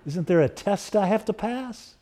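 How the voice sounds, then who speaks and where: A man's voice: high-pitched, lively intonation, moderate pace, mellow, pitched above the performer's own voice. A man voicing a grown daughter who tenderly reassures her grieving father as he tells a story in a sermon. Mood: tender reassurance. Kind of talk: read-aloud sermon storytelling.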